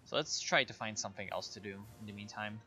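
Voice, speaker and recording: A man giving relaxed, low-key commentary while playing a strategy game, thinking aloud as he goes. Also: fast, soft background music. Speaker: gameplay commentator. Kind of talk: casual let's play commentary.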